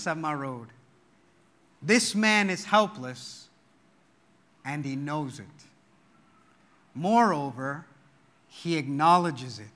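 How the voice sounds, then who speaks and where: Bright-voiced male pastor preaching with emphasis. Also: high voice. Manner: emphatic, rises and drops in volume to stress points. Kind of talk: sermon.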